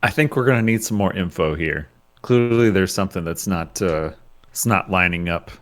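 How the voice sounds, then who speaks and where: A man's voice: low voice, normal speed, fairly bright tone. A man playing a tabletop game, talking hesitantly with lots of fillers. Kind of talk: casual in-character play.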